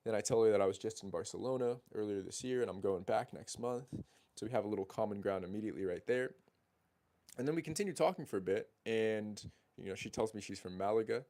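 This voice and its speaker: A man in his twenties, a dating coach, telling a story in animated, casual speech full of swearing and restarts. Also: on the low side, fast talker. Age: 20s.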